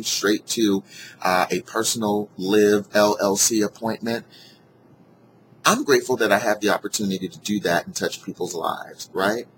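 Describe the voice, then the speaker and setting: A man casually telling a personal story to his viewers, earnest and heartfelt, animated when he retells what people said. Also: fairly low pitch, a little hiss or hum, rough recording. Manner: animated, acts out quoted dialogue in a raised voice; earnest and heartfelt about gratitude. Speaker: vlogger sharing a personal story.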